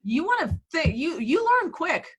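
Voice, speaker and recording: A woman in her forties, a real estate agent and coach, telling stories in a lively, profane, laughing way from her office in a casual interview. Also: high-pitched, normal speed. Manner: animated, profane, laughing storyteller.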